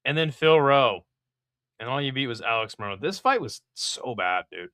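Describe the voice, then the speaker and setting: Young male fight-card pundit, blunt and foul-mouthed, bright lively voice, dry close mic. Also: medium pitch, normal speed, no room sound. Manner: blunt, profane, exasperated and mocking. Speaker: MMA fight card previewer. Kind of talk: casual fight breakdown.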